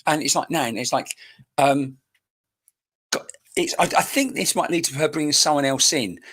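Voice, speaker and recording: A man's voice: fairly high pitch, moderate pace, fairly bright tone, slightly rough. A man working as a psychic medium, giving a live-streamed reading in a searching, chatty way and speaking straight to viewers by name, into a computer microphone.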